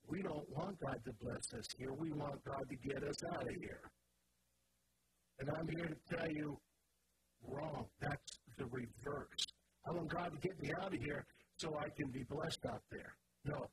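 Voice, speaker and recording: A male pastor delivers an impassioned sermon in a high-pitched voice. He moves between soft, confiding asides and fervent, shouted declarations. A steady hiss of background noise runs under the recording. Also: measured pace. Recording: noisy church recording.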